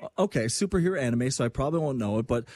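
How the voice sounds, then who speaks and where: A man hosting morning radio, joking and teasing his callers in casual chat. His voice sits at a middling pitch but moves a lot, rising and falling freely. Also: expressive, very fast, a little mellow. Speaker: radio show host.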